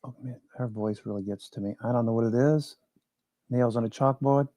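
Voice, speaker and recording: A man's voice: medium pitch, a little fast, mellow, no room sound. An older American man hosting a trading show, thinking aloud in loose live commentary on stock charts, with many fillers. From United States.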